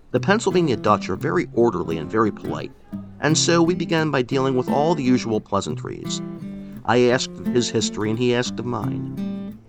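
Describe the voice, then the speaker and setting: A man narrating a first-person story in a measured, expressive way. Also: mid-range voice, vocal fry. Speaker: audiobook narrator.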